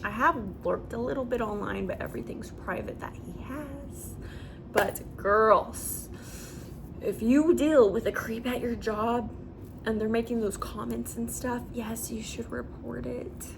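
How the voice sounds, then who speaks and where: A woman's voice: on the high side, a little slow, creaky, noisy background. A young adult woman chatting casually as she tells a story-time vlog, with lots of fillers. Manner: chatty and animated, with many fillers. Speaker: vlogger.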